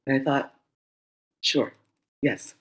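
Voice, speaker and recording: A woman guest telling a story in a casual interview, lively, laughing and acting out the dialogue. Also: extremely low pitch, slow. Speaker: doula and guest.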